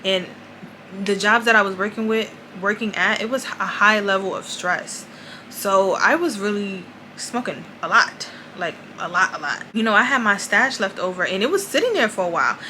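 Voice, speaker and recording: A young woman talks straight to her viewers in a casual confessional vlog. Her voice is bright and crisp, with "y'all" and "like" scattered all through her talk. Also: medium pitch, lively intonation, moderate pace, a little hiss or hum, low-quality recording. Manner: chatty, addresses viewers as "y'all", many "like"s. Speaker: vlogger.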